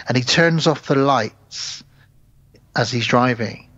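A man's voice: medium pitch, slow pace, fairly bright tone, dry recording, highs cut off. A man co-hosting a podcast, chatting casually about films and recounting scenes as he goes. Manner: rambling, recounts scenes and acts out quotes. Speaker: podcast co-host. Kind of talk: casual film chat.

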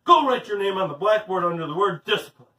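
A man voicing a brisk, strict woman schoolteacher who scolds and gives orders. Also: extremely high pitch, very animated, a bit bright, voice pushed up, exaggerated voice. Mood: scolding. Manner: scolding, commanding. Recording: roomy, distant mic.

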